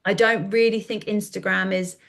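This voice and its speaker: A woman in her thirties, a content coach talking in a casual podcast interview, chatty and animated, often acting out quoted dialogue. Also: medium pitch, moderate pace, creaky. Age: 30s.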